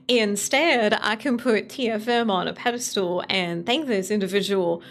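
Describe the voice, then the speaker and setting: A woman's voice: medium pitch, moderate pace, hardly any pauses. A young adult woman streaming, chatting casually with her chat, repeating greetings and laughing often.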